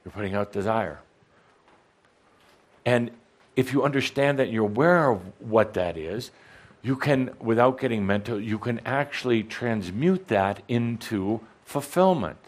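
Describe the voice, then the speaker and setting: A man at mid pitch works a live audience in a hall, teasing and prodding one listener on a handheld mic. He talks as a channeled spiritual teacher, and his speech is full of stammered restarts and playful jabs. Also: animated, measured pace. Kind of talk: interactive workshop coaching. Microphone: handheld microphone.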